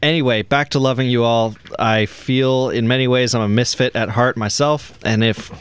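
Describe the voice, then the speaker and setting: A man's voice: medium pitch, steady tone, moderate pace, clear, resonant tone. Male co-host, mid-range voice, reads listener mail and breaks off with small jokes. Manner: plain reading with asides and light laughs. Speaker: podcast co-host. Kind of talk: reading a listener email aloud.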